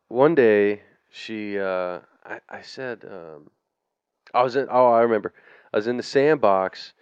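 Man with a low, resonant voice, swearing freely as he rambles through a story on a podcast, recorded dry and dull. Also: clear, resonant tone, no room sound. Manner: profane, rambling, laughs through his story. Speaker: podcast co-host. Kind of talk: casual storytelling chat.

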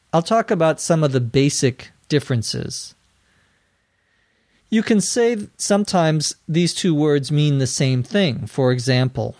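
An American man hosting an English-learning podcast, spelling words out letter by letter and repeating them slowly and clearly. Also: on the high side, darkish tone, no room sound, studio quality. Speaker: podcast host and English teacher. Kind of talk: slow, carefully enunciated teaching.

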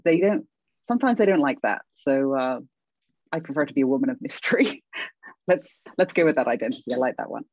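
A middle-aged woman from England with a British accent, talking casually as an interview guest, lively and self-deprecating, laughing often. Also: rumbling low, fairly quick, no room sound, dull audio. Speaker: guest, legal academic.

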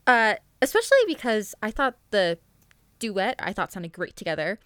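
A woman on a podcast sharing her reactions to music, appreciative and a little hesitant. Her voice is smooth and resonant at a middle pitch. The recording is dry, with no room sound. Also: animated, normal speed, dry recording. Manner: warmly appreciative, hesitant fillers. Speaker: podcast co-host. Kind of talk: casual music review chat.

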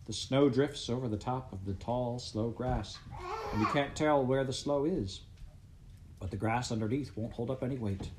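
A man reading aloud and voicing a brisk, practical pioneer mother. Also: mid-range voice, background noise, natural voice. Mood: concerned.

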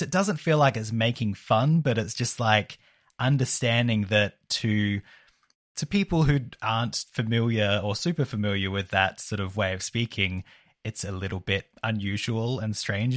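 A man with a lowish voice chatting casually about a game, relaxed and good-humoured. He speaks loosely with little filler. The sound is dry and close. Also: no room sound. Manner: easygoing, laughs often.

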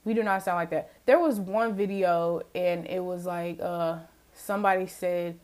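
A woman's voice: fairly low pitch, steady tone, normal speed, a little mellow. A young woman hosting a casual solo podcast, talking in a chatty, emphatic way, often laughing and addressing her listeners as y'all. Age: young adult. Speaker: podcast host.

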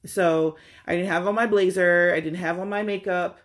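A woman's voice: lowish voice, steady tone, moderate pace. A middle-aged woman in a casual chat, animatedly retelling a frustrating errand and mimicking the other people's lines with exasperation.

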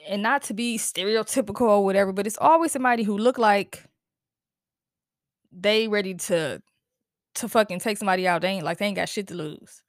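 A woman's voice: medium pitch, brisk, no room sound, clean studio sound. Profane, fired-up woman podcast host. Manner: heated, profane, animated venting with laughs and sighs. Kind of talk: casual solo podcast rant.

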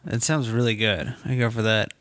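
A man's voice: lowish voice, steady tone, normal speed, fairly bright tone, no echo. A man chatting as a guest on a comedy podcast, rambling and joking. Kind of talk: casual comedic chat.

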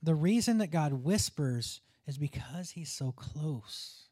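A man's voice: on the high side, lively intonation, slow pace, a little mellow, dry recording. Man preaching, dry close sound. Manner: conversational preaching, drops to a near whisper at tender moments. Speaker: pastor. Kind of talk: sermon.

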